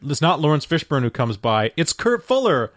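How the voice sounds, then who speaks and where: A man's voice: a little high, big pitch swings, moderate pace, dry recording, studio quality. A man co-hosting a casual movie podcast, chatty and trivia-minded. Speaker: podcast co-host.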